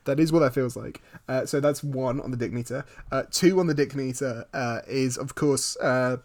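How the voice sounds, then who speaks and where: A man co-hosts a podcast, arguing his points in a casual chat with a teasing, mock-stern manner. He has a mid-range, slightly mellow voice and speaks at a moderate pace.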